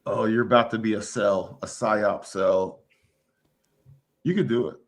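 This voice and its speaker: A man guesting on a casual stream chat, talking in a slangy, laid-back way with drawn-out asides. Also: lowish voice, fairly even intonation.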